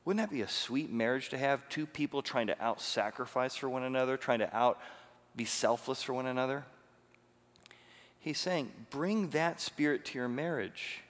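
A pastor gives an animated, conversational sermon and asks his listeners many questions. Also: mid-range voice, moderate pace. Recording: long reverb of a large hall.

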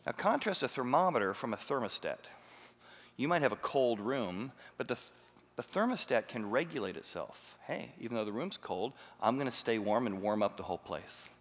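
A man's voice: medium pitch, sing-song, normal speed. A man preaching a sermon as a pastor, teaching emphatically and asking rhetorical questions. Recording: long hall reverb.

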